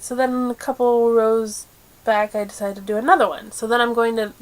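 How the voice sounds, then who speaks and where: A woman hosting a crafting video podcast in casual chat, chatty and quick with asides, laughing often. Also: a little high, level tone. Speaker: podcast host.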